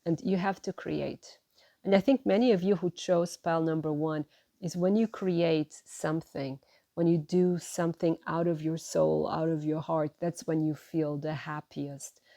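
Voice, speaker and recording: A woman giving a gentle, encouraging tarot reading to her viewers, often checking in with "right?" and "you know". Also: deep voice, fairly even intonation, unhurried, gravelly, dry recording. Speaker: tarot reader.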